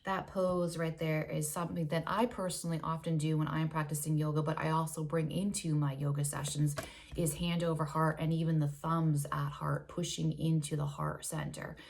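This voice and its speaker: A woman on a casual spiritual vlog who reads oracle cards, talking earnestly and gushingly, stretching out words she wants to savor, laughing softly and sometimes dropping to a whisper. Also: low voice, level tone, moderate pace, gravelly, a little hiss or hum.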